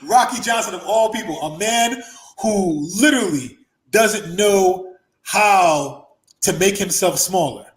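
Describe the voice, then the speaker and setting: A man telling a story on a podcast in an animated way, acting out the voices in quick bursts. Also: sits high, reverberant, rough recording. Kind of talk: casual storytelling.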